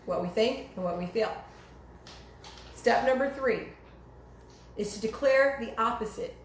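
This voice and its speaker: A woman's voice: fairly high pitch, a little slow. A woman preaching a sermon in an emphatic manner, her voice rising sharply when she quotes cries to God. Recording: echoey room with faint noise.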